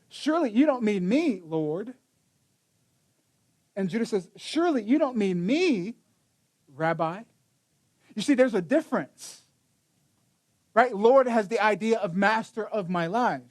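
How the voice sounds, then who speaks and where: A man's voice: high-pitched, a little mellow. A man preaching a sermon in a casual storytelling way, acting out the quotes with many restarts. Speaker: pastor.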